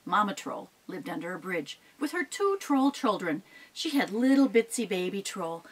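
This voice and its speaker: A woman telling a folk tale aloud in an animated, expressive way, with sound effects. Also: fairly high pitch, moderate pace, rough recording. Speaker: storyteller. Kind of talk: oral storytelling performance.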